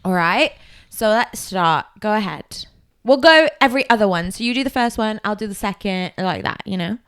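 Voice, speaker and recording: Lively, playful woman podcast co-host. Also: mid-range voice, normal speed, clean tone, dry recording, studio quality. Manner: playful, giggly, coaching. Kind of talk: casual chat.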